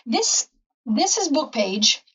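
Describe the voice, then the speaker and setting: Chatty higher-voiced woman, distant mic. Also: sing-song, takes it slowly, fairly bright tone, breathy edge, muffled recording. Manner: chatty, rambling, frequent ums. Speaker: craft channel host. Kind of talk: casual craft tutorial. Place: home craft room.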